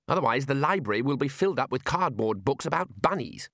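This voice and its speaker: A man's voice: medium pitch, expressive, quick pace, fairly bright tone, no echo, voice pushed up. A man voicing an earnest young male wizard who speaks in a dry, matter-of-fact way.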